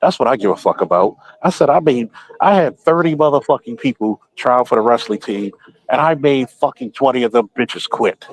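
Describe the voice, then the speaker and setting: A man's voice: medium pitch, animated, normal speed, rough recording. A man in casual podcast chat, telling blunt, profane stories and quoting himself often.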